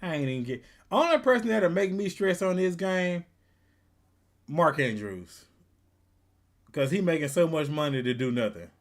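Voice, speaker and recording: A man's voice: on the high side, lively intonation, normal speed, long pauses. A man hosting a watch party stream, chatting casually in slang, teasing and laughing as he reacts to the game. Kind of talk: casual live reaction chat.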